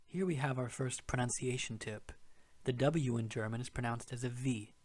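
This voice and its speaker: A man's voice: medium pitch, moderate pace, darkish tone. A man narrating a beginner language lesson, explaining words patiently and step by step. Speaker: language teacher.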